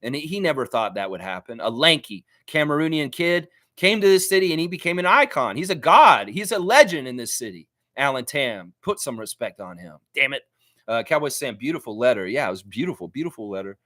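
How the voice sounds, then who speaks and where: A man hosting a sports fan livestream, ranting in a heated, animated way. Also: mid-range voice, a little fast, no room sound, clean studio sound. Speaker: sports fan show host. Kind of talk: casual livestream rant.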